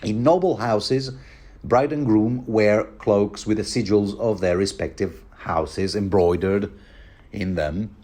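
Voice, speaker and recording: A man's voice: lowish voice, slow, dark tone. A man giving a rambling, informal solo commentary on a novel, full of asides and self-corrections. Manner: playful asides. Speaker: book commentary host.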